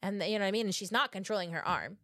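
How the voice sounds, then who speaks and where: A woman in her thirties tells a story in a loose, foul-mouthed podcast chat. She acts out each person's lines as she goes. Her voice sits at a middling pitch and sounds dry and close to the mic. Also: rapid-fire, no echo. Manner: profane, animated storytelling with acted-out quotes. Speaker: podcast co-host.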